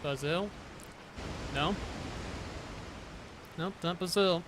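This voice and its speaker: A man from Detroit, Michigan streams a horror game, rambling casually with his viewers as he gives laid-back gameplay commentary. His voice sits high and he talks extremely slowly, with background noise behind him.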